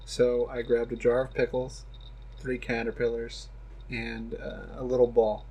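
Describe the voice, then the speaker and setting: A man's voice: mid-range voice, monotone, a little slow, warm tone, husky, low-quality recording. A man co-hosting a casual comedy chat, rambling through absurd stories and laughing often. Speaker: podcast co-host.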